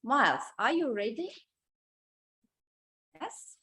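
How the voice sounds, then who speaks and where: Slow, higher-voiced woman hosting a meeting. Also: very animated, a bit bright. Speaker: meeting host. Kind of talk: running a club meeting.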